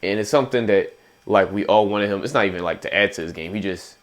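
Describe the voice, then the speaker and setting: A man co-hosting a casual sports podcast, giving measured, analytical takes on players, with a Philadelphia accent. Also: lowish voice. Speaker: podcast co-host.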